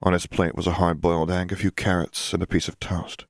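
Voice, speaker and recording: A man narrates a story at a steady, deliberate pace. His voice is deep and low. The recording is dry, with no room echo.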